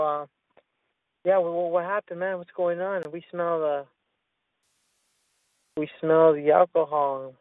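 A man's voice: a little high, dry recording. A man telling a rambling story in casual chat, with lots of profanity and restarts. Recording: tinny phone-line sound.

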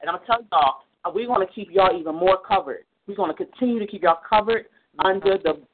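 A man's voice: high-pitched, fast. A man on a ministry call, speaking with heartfelt, emphatic praise and repeating phrases for emphasis. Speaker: family member on a ministry call. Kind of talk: heartfelt church talk. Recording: tinny phone line with faint noise.

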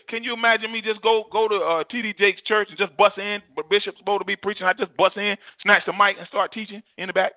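A man's voice: high voice, steady tone, fast, few pauses, no room sound. A male preacher delivering a fervent sermon, repeating phrases for emphasis. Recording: tinny phone-like dry sound.

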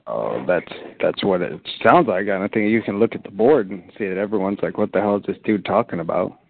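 A man's voice: sits low, expressive, fairly quick, vocal fry. A man from Texas calling in to challenge the guest, mocking and stammering as he presses his questions. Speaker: caller. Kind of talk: heckling casual talk. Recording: tinny phone-line audio.

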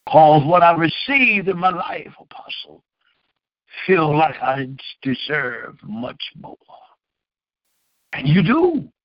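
A man's voice: a little high, very animated, takes it slowly, pauses often, no room sound, highs cut off. A man preaching and praying as pastor, with fervent pleading questions. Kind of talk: sermon and prayer.

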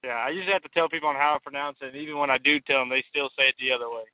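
A man's voice: mid-range voice, fairly even intonation, very fast, dry recording. Polite young man on a phone line. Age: young adult. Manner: polite and brief, says yes sir. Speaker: college football player.

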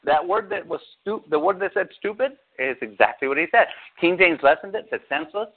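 A man pastor giving a casual, animated sermon, acting out scripture quotes and often asking his listeners if they follow. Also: sits high, fairly quick. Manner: animated, quotes scripture in excited raised voice, asks listeners questions. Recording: tinny phone-like line.

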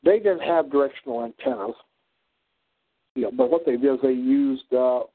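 An older man with a Southwest Missouri drawl, mixing prairie and Ozark sounds, hosting a rambling radio monologue full of halting restarts. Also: mid-range voice, very animated, vocal fry, dry recording. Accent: Southwest Missouri, mix of prairie drawl and Ozark. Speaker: radio show host. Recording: thin phone-like dry audio.

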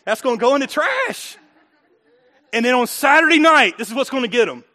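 A man preaching a sermon as pastor in a church, animated and conversational, asking the congregation rhetorical questions and acting out what people will say. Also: extremely high pitch, brisk.

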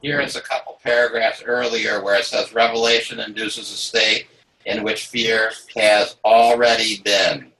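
A man's voice: on the low side, flat delivery, moderate pace, bright, forceful tone, a little hiss or hum, poor audio. A man leading a group discussion who reads passages aloud carefully.

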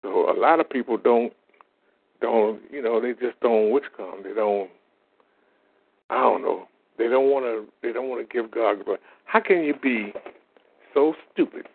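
A man's voice: fairly low pitch, normal speed, vocal fry, husky. A man, telling faith-healing stories in a plain-spoken, folksy way as a lay minister. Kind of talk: informal testimony monologue. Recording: tinny phone-like audio.

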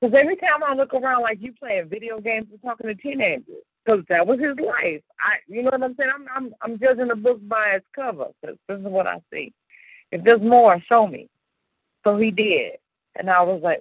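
A woman from the suburbs of Chicago hosting a radio show, telling personal stories in a casual, animated way with slang and frequent laughter. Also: on the high side, moderate pace, dry recording, muffled recording. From Chicago suburbs, United States. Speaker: radio host. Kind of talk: casual storytelling chat.

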